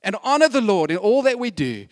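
A man preaching a sermon as pastor, telling a story in a chatty, animated way with lots of repeated phrases and asides. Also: high voice, fairly quick, no room sound, studio quality.

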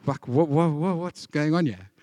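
A man preaching with a high voice. His delivery is animated, and he acts out stories and quotes. The sound is dry and close. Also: normal speed, dry recording. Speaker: pastor. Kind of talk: sermon.

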